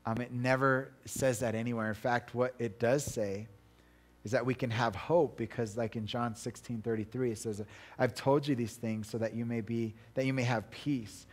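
A man's voice: medium pitch, steady tone, normal speed. A middle-aged man, a pastor, giving a casual conversational sermon with chatty, self-deprecating asides and frequent restarts.

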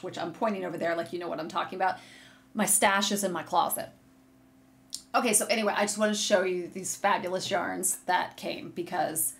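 A woman hosting a knitting video podcast from a room at home, chatting casually and gushing excitedly to viewers as she shows yarn. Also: on the low side, creaky. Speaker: podcast host. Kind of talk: casual chat showing yarn on camera. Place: home room with a curtain behind her. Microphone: desk setup facing a monitor.

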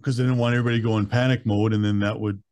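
A man in his thirties, a guest telling a story in a relaxed way, often chuckling. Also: fairly low pitch, racing, dry recording. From Calgary, Canada. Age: 30s. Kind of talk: casual storytelling interview.

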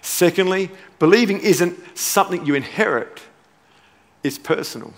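A man preaching with force, hammering home his points and repeating key lines, with playful asides in between. His voice sits high for a man. It carries the long reverb of a big church hall. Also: moderate pace. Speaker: pastor. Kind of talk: sermon. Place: large church auditorium.

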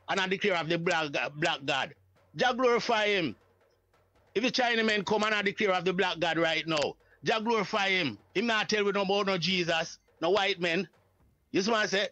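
A man with a Jamaican accent, a Rastafari priest telling stories and explaining his faith in an animated, emphatic patois way, in casual reasoning. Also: high-pitched, dry recording, lo-fi sound.

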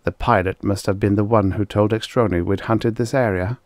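A man's voice: fairly low pitch, steady tone, normal speed, no room sound, close to an everyday voice. A man voicing an anxious young male hunter on an alien world, arguing in a tense, urgent way. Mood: worried. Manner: anxious, argumentative.

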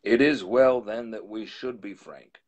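A man reading aloud, voicing a grave, middle-aged male lawyer who speaks in a measured, deliberate way. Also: lowish voice, darkish tone. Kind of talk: live storytelling reading.

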